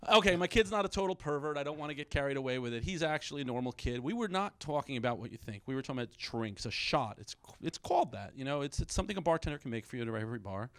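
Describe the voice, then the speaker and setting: A middle-aged man doing a stand-up comedy set, self-deprecating, with quick punchlines and short bits where he acts out his kids. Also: mid-range voice, expressive, no echo. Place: small comedy stage with a live audience.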